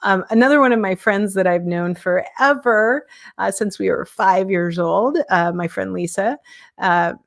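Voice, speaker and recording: A woman's voice: medium pitch, unhurried, creaky. A woman in her fifties, a podcast host, talking candidly in a casual live-stream monologue, self-deprecating and chuckling often. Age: 50s.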